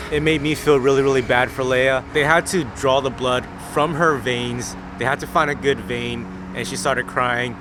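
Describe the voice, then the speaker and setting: A young man vlogging from his car and a clinic, talking earnestly to camera and softly to his baby. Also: medium pitch, background noise. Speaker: father vlogging his baby's doctor visit. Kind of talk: casual vlog talk to camera. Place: parked car, then a clinic. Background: music.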